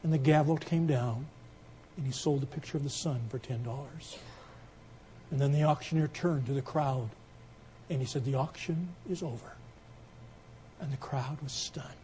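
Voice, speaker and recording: A man preaching a sermon, telling an illustration story and building it into loud, emphatic appeals. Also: mid-range voice, moderate pace, long pauses, slight background noise.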